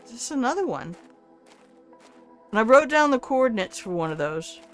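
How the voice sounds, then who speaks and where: A woman's voice: on the high side, sing-song, normal speed, soft background music. An older woman chatting casually as she streams a video game. She talks back to the game and swears offhandedly. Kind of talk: casual live-stream gameplay commentary.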